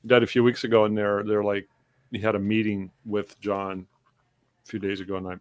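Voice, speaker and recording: A man with a fairly low voice hosts a loose, casual chat over a video call. He jokes and teases his co-host as they talk shop. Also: little pitch movement, fairly quick. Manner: joking, teasing. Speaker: podcast host.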